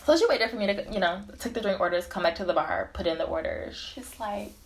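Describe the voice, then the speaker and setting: Talking fast, a young woman tells a casual storytime tale full of animation and profanity, her pitch swinging widely and laughter breaking in often between phrases.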